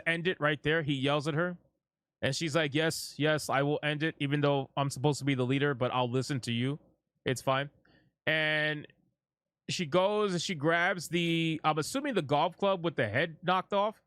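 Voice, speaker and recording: A man's voice: fairly high pitch, fairly bright tone, clear, resonant tone, no echo, clean studio sound. A man giving casual, profane reaction commentary on a show, blunt and mocking, rambling with restarts. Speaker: gaming commentator.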